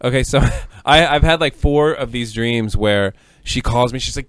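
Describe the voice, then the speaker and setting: A man's voice: medium pitch, a little fast, hardly any pauses, smooth, no echo. Young guy cohosting a podcast, acts out everyone in his stories, dry close sound. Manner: animated storyteller, acts out quoted voices. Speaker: podcast co-host. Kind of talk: casual comedic chat.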